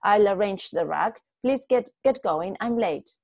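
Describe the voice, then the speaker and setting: A woman voicing an anxious, hurried older wife who pleads in a raised, urgent voice. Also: mid-range voice, lively intonation, gravelly, a little mellow, no echo. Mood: anxious pleading.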